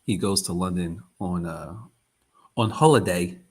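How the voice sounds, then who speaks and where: His voice is low and a little slow, with some breathiness, as this trading livestream host talks casually and often circles back to say the same things again.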